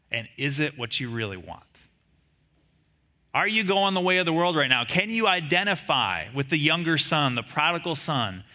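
A man delivering a sermon as a pastor, his voice very bright and a little high for a man. He talks to the congregation conversationally, leaning on rhetorical questions. He acts out the lines of the people in the story with animated storytelling.

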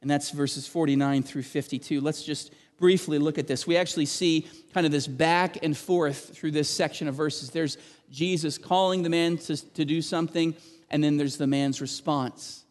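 A man preaching a sermon as a pastor, earnest and animated, lifting his voice when he reads out the quoted cries. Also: fairly high pitch, normal speed, in a large hall.

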